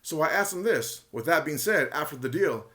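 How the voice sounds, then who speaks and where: Man, slightly high voice, emphatic, repetitive, casual investor commentary. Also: animated, normal speed, fairly bright tone. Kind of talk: casual opinion monologue.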